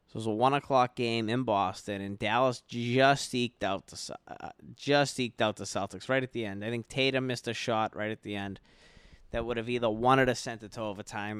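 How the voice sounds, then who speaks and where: A man's voice: medium pitch, a bit bright, clear, resonant tone, dry recording, clean studio sound. A young man, tipsy and tired, rambling and swearing through a late-night sports rant in his bedroom. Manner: profane, rambling, yawning. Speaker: podcast host.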